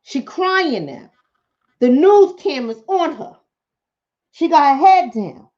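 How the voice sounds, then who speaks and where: A woman vlogger delivers a casual commentary monologue straight to her viewers. Her high voice swings widely up and down as she preaches with emphasis. The sound is a little dull and lo-fi. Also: very animated, takes it slowly, darkish tone.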